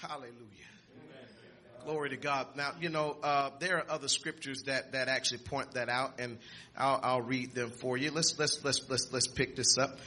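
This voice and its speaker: A man preaching a sermon, reading scripture aloud with restarts and repeats, and rising to shouts and exclamations. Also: mid-range voice, steady tone, moderate pace.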